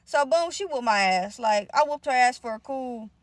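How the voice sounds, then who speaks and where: Profane, animated young woman storyteller. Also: on the high side, normal speed, no echo. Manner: animated, profane, acts out quoted lines. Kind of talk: casual storytime vlog.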